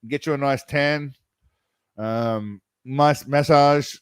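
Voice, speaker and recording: A man's voice: medium pitch, fairly even intonation, slow pace, clean tone, no echo. A man hosting a casual livestream chat, rambling with lots of laughter and calling viewers mate and brother. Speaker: livestream host.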